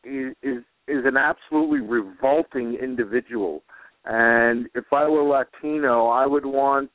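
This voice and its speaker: A man's voice: medium pitch, dry recording. Blunt male co-host on a phone line. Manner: blunt, opinionated, quick to apologize. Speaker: radio co-host. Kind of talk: talk radio commentary. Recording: dry tinny phone line.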